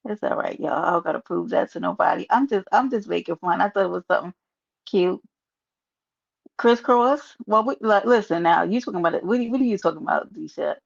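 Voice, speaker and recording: New lady on a live stream, raspy fry in her voice, joking with chat, kinda dull lo-fi sound. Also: mid-range voice, animated, normal speed. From New York. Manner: playful, joking, talks straight to her chat. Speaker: livestreamer. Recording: muffled lo-fi stream audio.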